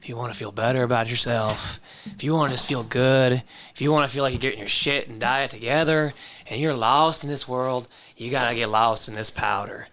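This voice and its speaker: A man doing a laid-back Southern drawl as a pitchman, selling a supplement powder on a podcast. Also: fairly even intonation, brisk, fairly bright tone, slight background noise, close to an everyday voice. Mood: smooth pitch. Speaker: co-host brother.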